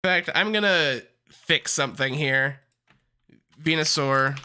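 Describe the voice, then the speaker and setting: Speaking at a measured pace and medium pitch, a streamer ranks characters in casual livestream commentary. The mood is excitable and loaded with profanity, alternating between rants and laughter.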